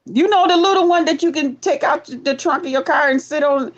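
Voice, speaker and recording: A woman's voice: high-pitched, brisk, no echo, lo-fi sound. A woman from the North in a casual chat, playful and informal with lots of slang. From northern United States.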